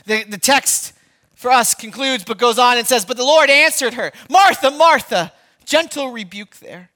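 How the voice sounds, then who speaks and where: A man in his thirties preaching a sermon, animated and storytelling, swinging between loud emphasis and hushed asides. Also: extremely high pitch, moderate pace. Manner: repeats words, storytelling. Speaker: pastor.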